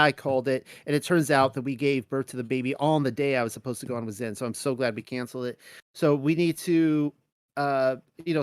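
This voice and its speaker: A man's voice: mid-range voice, no room sound, clean studio sound. A young adult man talking casually through a Bible study, rambling with many restarts.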